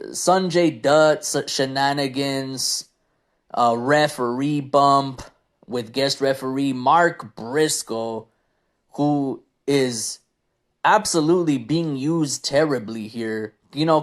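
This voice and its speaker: A man in the middle of a casual wrestling review, his voice sitting at an ordinary pitch. He rants with open frustration, circling back over the same complaints. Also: slow. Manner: frustrated, ranting, repeats himself.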